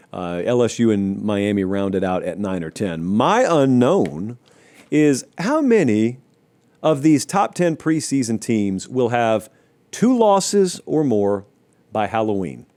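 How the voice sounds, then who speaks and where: Male sports-talk host, mellow tone, opinionated and conversational. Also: medium pitch. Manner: opinionated, conversational, wry asides to producers. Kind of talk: solo sports talk commentary.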